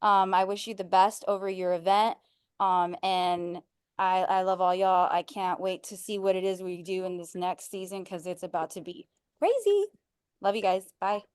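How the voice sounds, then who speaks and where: A woman says a warm, rambling goodbye on a group video call. Her voice is smooth and clear, and the sound is dry with no room echo. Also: medium pitch, moderate pace. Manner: warm, rambling sign-off with fillers. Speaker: book club member. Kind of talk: casual call farewell.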